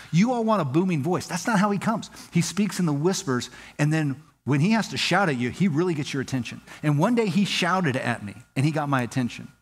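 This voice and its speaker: A man from Southern California preaching a sermon as pastor, telling his story with lively acted-out quotes. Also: big-room sound. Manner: animated storytelling, acts out quoted dialogue with rising pitch. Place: church sanctuary.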